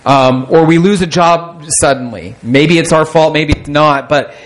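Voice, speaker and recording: A man preaching in a loose, conversational way, with a voice sitting a little higher than most men's. He pokes fun at himself and keeps restarting sentences as he talks to his congregation. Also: a bit bright, rough recording. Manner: conversational, self-deprecating, with repeated restarts. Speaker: pastor. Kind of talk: sermon.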